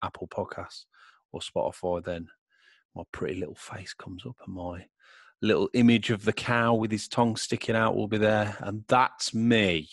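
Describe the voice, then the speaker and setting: A man hosting a podcast in a chatty, jokey way and laughing loudly. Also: on the low side, steady tone, moderate pace, dry recording. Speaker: podcast host. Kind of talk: casual podcast chat.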